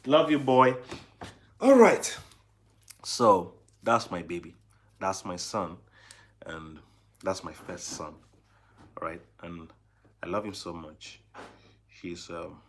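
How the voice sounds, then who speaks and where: Slow, low-voiced man. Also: a little hiss or hum. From Nigeria. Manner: soft and coaxing, cooing to a baby between chat. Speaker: new father and vlogger. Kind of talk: casual live vlog.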